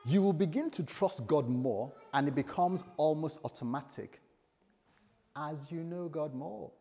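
Male pastor, conversational and animated sermon, fairly high voice, long reverb of a church hall. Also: a little slow. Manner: conversational, animated, acts out dialogues.

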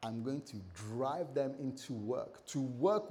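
Speaking slowly at a medium pitch, a male pastor gives a spirited sermon. He performs the scripture characters with varied voices and slips in playful comments.

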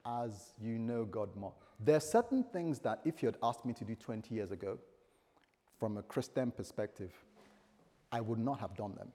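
A male pastor preaching a sermon in a conversational, animated way, acting out little dialogues. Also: fairly low pitch, moderate pace. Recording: long hall reverb.

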